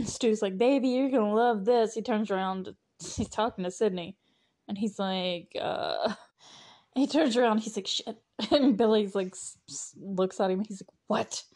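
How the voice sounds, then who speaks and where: A woman hosting a podcast recaps a film casually and chattily, with plenty of fillers and frequent laughter. Her mid-range voice is a little slow and darkish in tone.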